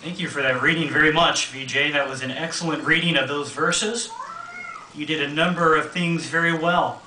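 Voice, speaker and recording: A man gives spoken feedback on a reading, pausing often on uhs and ums. His voice is bright and forceful, heard from a distance in a roomy hall with faint ambience. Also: fairly high pitch, steady tone, a little hiss or hum. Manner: hesitant, many uhs and ums. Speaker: reading instructor.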